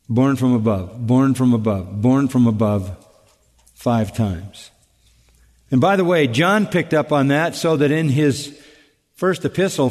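Emphatic preacher man, slightly high voice. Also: big-room sound. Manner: emphatic, deliberate, with rhetorical questions and repetition. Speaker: pastor. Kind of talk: expository sermon.

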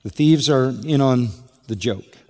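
A man's voice: mid-range voice, unhurried, mellow, in a large hall. A man preaching an expository sermon, emphatic and building to exclamation on key points. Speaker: pastor.

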